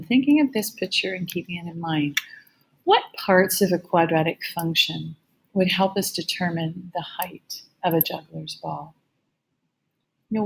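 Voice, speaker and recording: A woman math teacher giving a recorded lecture with a slightly gravelly voice, explaining each step patiently. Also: fairly low pitch, a little hiss or hum, poor audio.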